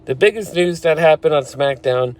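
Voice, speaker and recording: A man's voice: on the high side, expressive, moderate pace. A man recapping a wrestling show in casual, blunt, opinionated talk, now and then swearing. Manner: blunt and opinionated, swears, laughs at his own retellings.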